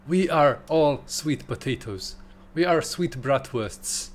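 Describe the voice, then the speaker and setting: A man's voice: a little high, expressive, slow pace, hardly any pauses. A man streaming live from a home setup, joking playfully and chatting with his viewers. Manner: playful, joking, mock German phrases. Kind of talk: casual livestream chat with viewers.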